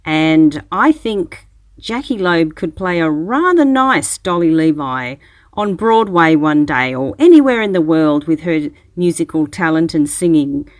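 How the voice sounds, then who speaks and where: A woman's voice: sits low, expressive, unhurried, no echo, clean studio sound. A woman radio host reading a scripted announcement, grand in tone.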